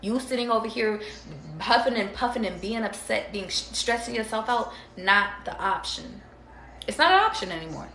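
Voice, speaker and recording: A chatty woman doing a relaxed tarot reading, talking straight to her viewers in loose slang and swearing freely. Her voice has a gravelly fry, and the room echoes noticeably. A faint noise floor sits underneath. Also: a little high, normal speed. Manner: chatty, slangy and profane, addressing viewers directly. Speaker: tarot reader. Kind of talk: casual livestream reading. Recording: roomy echo.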